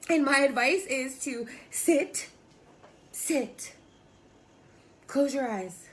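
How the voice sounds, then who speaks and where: A woman's voice: high voice, expressive, drawn-out words. A woman who works as a spiritual coach and sound healer, chatting casually on a live stream and answering viewers by name. She is emphatic, swears freely and keeps telling them she loves them. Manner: emphatic, profane, affectionate. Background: soft background music.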